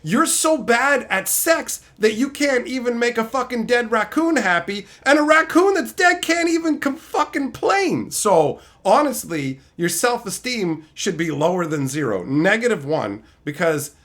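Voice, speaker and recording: A man's voice: very high-pitched, big pitch swings, a little slow, hardly any pauses, fairly bright tone. A man streaming live, ranting casually with lots of swearing, mocking jabs and laughter. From Canada.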